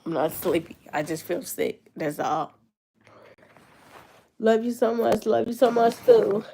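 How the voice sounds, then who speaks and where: A woman's voice: a little high, measured pace, gravelly, mellow, a little hiss or hum. A nineteen-year-old woman with a cold and a stuffed-up nose, rambling in casual chat with her viewers on a livestream. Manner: rambling, answering chat comments.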